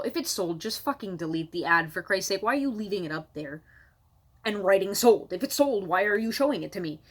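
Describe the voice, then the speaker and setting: Sarcastic woman ranting at home. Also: medium pitch. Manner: exasperated, sarcastic, swears freely. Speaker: comedian. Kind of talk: stand-up comedy rant to camera.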